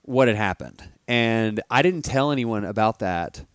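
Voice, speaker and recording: A man's voice: fairly low pitch, expressive, a little slow, no room sound, clean studio sound. Rambling, chatty male podcast host. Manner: rambling storyteller, many "like" fillers. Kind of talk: casual chat.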